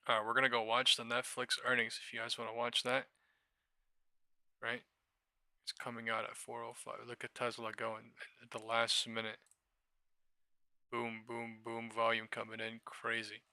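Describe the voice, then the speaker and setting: A man streaming live stock trading, muttering commentary to himself and breaking into excitable, profane outbursts. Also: medium pitch, no room sound.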